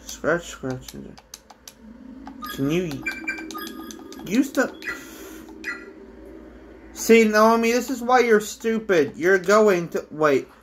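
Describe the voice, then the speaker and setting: A woman giving let's-play commentary, excitable, swinging from low mutters to shrieks and screams. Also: very slow, pauses often, slight background noise. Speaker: gamer.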